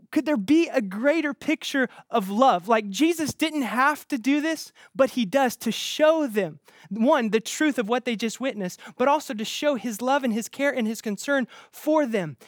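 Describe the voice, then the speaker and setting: A man's voice: very high-pitched, no room sound. Earnest preaching man, dry close sound. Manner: earnest, emphatic preaching with quick restarts. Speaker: pastor. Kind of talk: sermon.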